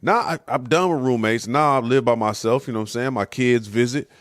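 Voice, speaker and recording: A man's voice: mid-range voice, brisk, dry recording, studio quality. A man hosting his show, talking through a casual, conversational monologue. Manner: conversational, says "you know what I'm saying". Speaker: host.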